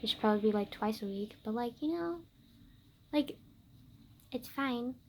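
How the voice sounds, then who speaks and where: Teen girl vlogger, a touch high-pitched, rambling and animated storytelling, filler-heavy. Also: moderate pace, slight background noise. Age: late teens. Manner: chatty, heavy use of "like", swings between loud outbursts and quiet asides. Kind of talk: casual chat, storytelling.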